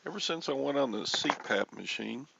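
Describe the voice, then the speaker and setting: An older man hosting a casual chat, his voice crackly and gravelly from a frog in his throat, rambling and clearing his throat often. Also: medium pitch, animated, a little fast, lo-fi sound. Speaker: host.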